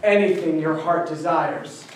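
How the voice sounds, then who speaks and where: A man's voice: fairly high pitch, unhurried, close to an everyday voice. An actor playing an overly romantic young man, adoring and syrupy, in a live stage play. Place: theater stage. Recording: echoey hall from far off, noisy, audience.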